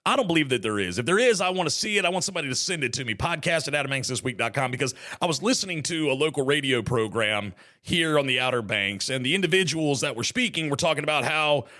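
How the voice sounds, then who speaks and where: A man's voice: medium pitch, lively intonation, fast, few pauses, bright, forceful tone. A man hosting a casual solo podcast, chatty and rambling with joking asides. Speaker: podcast host.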